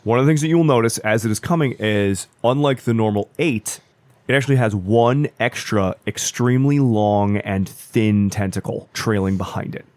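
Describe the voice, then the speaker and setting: A man acting as storyteller, narrating a tabletop horror game in slow, deliberate scene-setting. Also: fairly low pitch, a little mellow, no echo.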